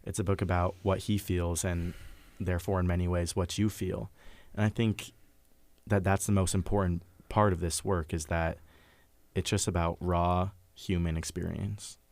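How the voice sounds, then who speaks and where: Deep-voiced male guest, earnest and expansive, close dry recording. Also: level tone, moderate pace, darkish tone, no echo. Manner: earnest, building long flowing sentences. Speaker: book club guest. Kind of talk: reflective discussion.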